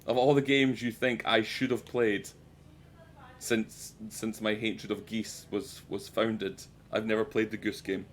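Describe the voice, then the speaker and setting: Male streamer, low-ish voice, casual sweary banter, self-deprecating. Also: flat delivery, measured pace, slight background noise. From United Kingdom. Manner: chatty, swears freely, self-mocking. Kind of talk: casual live-stream chat while gaming.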